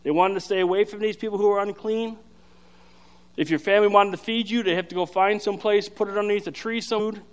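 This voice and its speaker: High-voiced man preaching a sermon. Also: fast talker, smooth. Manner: energetic, emphatic, explanatory with frequent fillers. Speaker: pastor.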